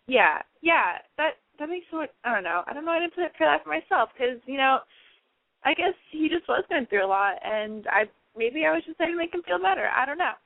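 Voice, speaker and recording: Young woman caller, high voice, gravelly edge, tinny phone line, hesitant and rambling. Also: animated, a little fast, no room sound. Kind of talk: casual phone call.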